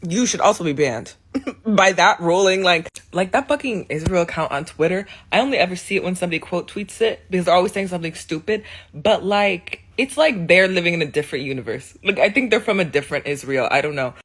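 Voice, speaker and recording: A young woman with a husky, slightly low voice rants in a casual solo monologue. She is blunt and sarcastic and swears freely. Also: animated, brisk. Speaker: video commentator.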